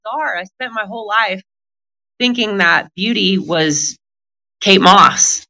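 A middle-aged woman talks candidly in a conversation, her voice bright and forward. She is blunt and profane, laughing as she goes and acting out other people's lines as she tells her story. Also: mid-range voice, slow, creaky, low-quality recording. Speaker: guest telling her recovery story.

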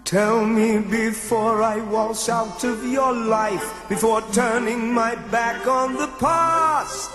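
A man's voice: very high-pitched, fairly even intonation, slow, few pauses, over music. A man singing a musical theater role as a mocking revolutionary narrator, taunting in song. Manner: sung, taunting questions. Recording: roomy cast album with band.

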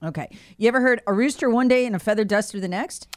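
A woman's voice: a little high, fast talker, no echo, studio quality. A woman co-hosting a radio talk show, chatting playfully and reading listener texts aloud. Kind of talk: casual radio chat.

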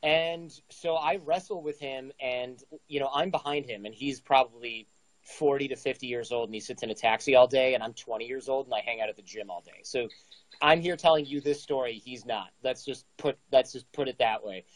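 A man's voice: medium pitch, fairly quick, dry recording, poor audio. A man in his forties casually telling a story, acting out the dialogue with energy. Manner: animated, acts out dialogue. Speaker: guest storyteller.

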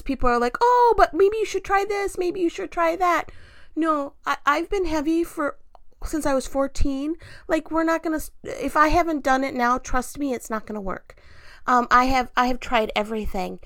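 A woman's voice: fairly high pitch, dry recording, clean studio sound. A woman giving an earnest, chatty devotional talk, full of fillers and direct questions to the listener. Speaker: Christian devotional speaker.

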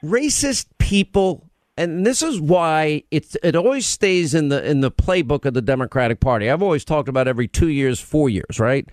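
A man's voice: a little high, expressive, normal speed, darkish tone, no room sound, clean studio sound. A man hosting a talk radio show, speaking emphatically and repeating his points for effect. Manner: emphatic, repeats key phrases.

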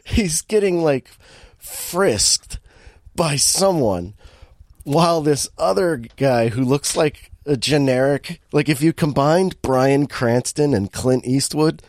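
A man's voice: fairly high pitch, takes it slowly, no echo. A man co-hosting a podcast, recapping a bad movie in casual chat, laughing often as he tells it. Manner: animated storytelling, laughing often, many restarts. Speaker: podcast co-host.

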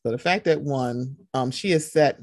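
A young woman co-hosting a podcast, chatting casually and animatedly, often jumping into excited quoted voices. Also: moderate pace, no echo, clean studio sound. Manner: animated, jumps into high excited voices when quoting. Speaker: podcast co-host. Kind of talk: casual chat.

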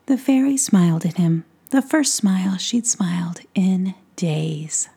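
A woman telling a fairy tale in a soft, hushed whisper as storyteller. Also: on the low side, measured pace, vocal fry, hardly any pauses, slightly rough.

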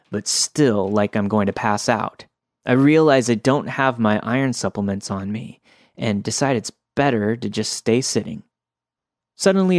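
A man narrates a listener's story in the first person, reading it steadily at a mid pitch. The recording is dry and close, with no room sound around the voice. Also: dry recording. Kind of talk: scripted narration.

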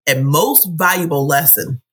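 A woman's voice: low voice, measured pace, slightly rough. A woman co-hosting a casual interview podcast, playful and enthusiastic with laughing asides. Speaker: podcast co-host. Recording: loud background noise with clicks.

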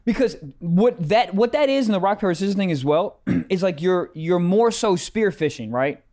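A young man with a slightly high voice co-hosts a comedy podcast. His pitch swoops all over as he moves from loud, blunt jabs to low muttered asides, and he swears freely in casual banter. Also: lively intonation, normal speed. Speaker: podcast co-host.

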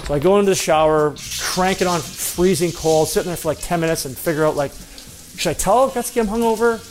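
A man, a former hockey player, telling a personal story in a lively, self-deprecating way. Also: sits high, brisk, slight background noise.

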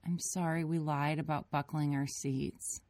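A woman's voice: sits low, flat delivery, unhurried, darkish tone, no echo. A woman voicing a young girl who whines and pleads in a tearful way. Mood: calm. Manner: whining, pleading.

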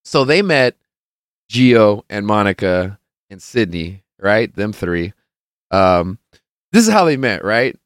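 A man's voice: lowish voice, sing-song, takes it slowly, dry recording, clean studio sound. A man hosting his own podcast, telling a casual, rambling, profane story that is full of laughs and acted-out quotes. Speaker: podcast host.

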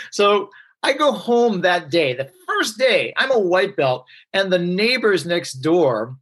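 Speaking slowly in a high voice, a guest recounts a personal story with liveliness, using plenty of fillers and performing the voices of the people he quotes.

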